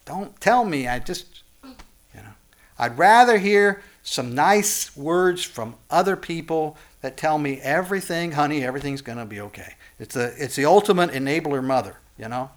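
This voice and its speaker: Male preacher, fairly high voice, passionate sermon delivery with loud peaks and hushed dips. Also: lively intonation, unhurried. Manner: impassioned, voice climbing high and loud on warnings then dropping low and soft. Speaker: pastor. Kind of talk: sermon with scripture reading.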